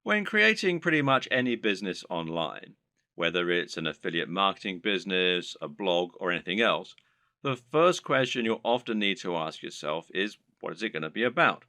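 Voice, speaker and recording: A man narrating scripted advice on running an online business, in a lively explanatory delivery. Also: deep voice, moderate pace, no echo.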